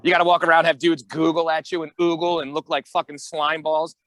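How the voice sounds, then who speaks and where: A man co-hosting a podcast in casual chat, an animated storyteller who acts out voices and swears. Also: a little high, fairly quick, dry recording, rough recording. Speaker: podcast co-host.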